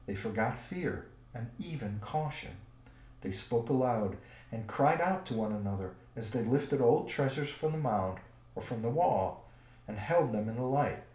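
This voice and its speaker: A man narrating a storybook in a measured, expressive way. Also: medium pitch. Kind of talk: storybook reading. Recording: roomy echo.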